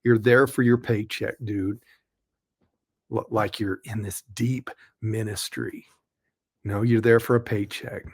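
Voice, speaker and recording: A man's voice: on the low side, fairly even intonation, slow, husky. A man, a pastor, giving blunt, scolding commentary on a clip he plays, speaking straight at the camera. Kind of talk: commentary on a played interview.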